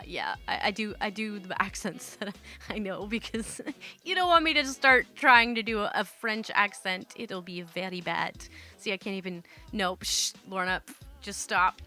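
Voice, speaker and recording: A woman's voice: medium pitch, sharp tone. A woman hosting a storytime channel, reading online stories aloud and riffing between them casually and profanely, laughing often.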